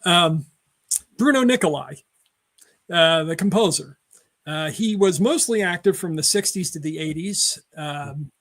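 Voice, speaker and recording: A man's voice: on the high side, animated, unhurried, a bit bright. A man co-hosting a casual film chat show, rambling through trivia with many fillers and self-corrections. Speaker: podcast co-host.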